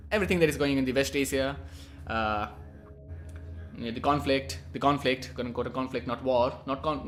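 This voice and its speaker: A man's voice: medium pitch, a bit bright, a little hiss or hum. A young man from India rambling casually through a profane, cheeky monologue as a vlogger.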